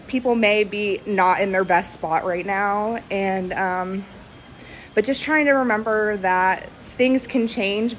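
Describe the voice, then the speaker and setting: A woman in her thirties, talking earnestly and haltingly with many pauses and fillers, close to tears. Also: medium pitch, a little hiss or hum, rough recording. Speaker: vlogger. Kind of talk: casual reflective video to friends.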